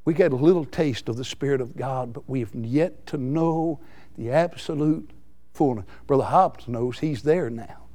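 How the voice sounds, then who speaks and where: A man preaching a folksy, excitable sermon. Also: on the high side. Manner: excitable, folksy, laughs between lines.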